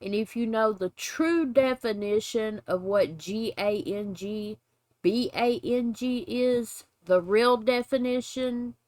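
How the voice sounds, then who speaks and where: A woman talks over drama clips, unhurried and clearly irritated, her voice sitting right at the microphone in a dry, deadened space. She has a middle-range voice and a measured commentator's delivery. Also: a little high, darkish tone, no echo. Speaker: YouTube commentary host.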